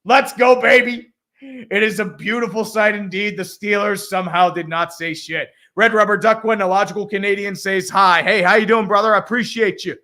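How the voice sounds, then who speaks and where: A man's voice: high voice, normal speed. A man streaming a live football game, calling plays as a fan, swearing, laughing and reading chat. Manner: excitable, swears, laughs, shouts at big plays. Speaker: streamer doing live play-by-play.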